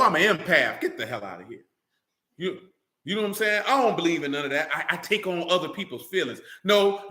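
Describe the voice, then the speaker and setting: A man's voice: fairly high pitch, sharp tone, echoey room. A man preaching a sermon in a blunt, colloquial way, full of rhetorical questions.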